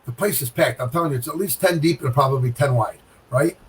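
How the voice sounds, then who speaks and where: A middle-aged man telling a bowling story in casual chat, animated, with sound effects and repeated phrases. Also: medium pitch, fast talker, breathy edge, far from the mic, poor audio. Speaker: guest pro bowler.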